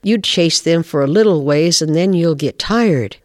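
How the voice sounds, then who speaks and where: A man's voice: a little high, normal speed, no echo, clean studio sound, voice pushed up, close to an everyday voice. A man voicing a wise old female owl who leads the animals' meeting and firmly turns down volunteers. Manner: firm and decisive.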